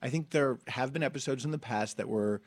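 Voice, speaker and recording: Campy husky man hosting a podcast. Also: mid-range voice, brisk, dry recording. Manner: campy, playful, laughs often. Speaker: podcast host. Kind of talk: casual comedic chat. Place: studio.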